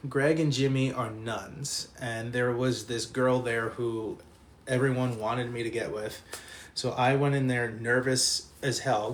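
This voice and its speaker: A man's voice: medium pitch, slight background noise. A man telling a rowdy anecdote in casual talk, laughing often and swearing freely.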